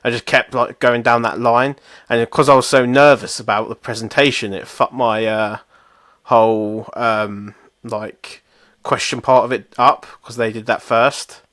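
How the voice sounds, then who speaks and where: A man's voice: medium pitch, little pitch movement, unhurried, a bit bright, no room sound. Young male co-host, sweary self-mocking storyteller, close dry mic. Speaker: podcast co-host. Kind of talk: casual chat.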